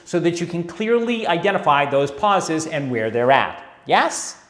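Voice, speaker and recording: Lively, chatty male dance teacher. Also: a little high, measured pace. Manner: chatty, wry, checks in with the viewer. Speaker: tango teacher. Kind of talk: instructional video talk. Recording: echoey room.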